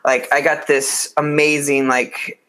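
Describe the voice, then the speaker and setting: A man's voice: fairly high pitch, level tone, slow, pushed and bright. A man co-hosting a casual podcast, rambling along with many likes and uhs. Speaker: podcast co-host.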